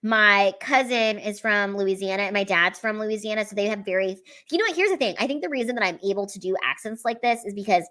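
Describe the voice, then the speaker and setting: An excitable woman from the United States, talking loosely on a livestream after her comedy shows. She laughs a lot, swears without a second thought, and keeps dropping sentences halfway to restart them. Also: mid-range voice. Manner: chatty and excitable, laughs often, swears casually. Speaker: stand-up comedian. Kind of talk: casual livestream chat reading viewer comments.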